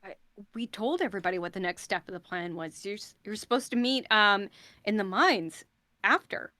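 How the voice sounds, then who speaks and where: A woman's voice: medium pitch, normal speed, pushed and bright, no room sound, clean studio sound, lightly acted. A woman voicing a curt young daughter who wants a stranger gone, in a tabletop game. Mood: annoyed. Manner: curt and dismissive.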